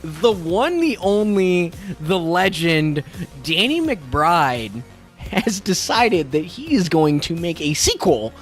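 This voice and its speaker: A man's voice: fairly high pitch, sing-song, takes it slowly, faint music behind. A man co-hosting a movie podcast, ranting and joking in casual chat. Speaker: podcast co-host.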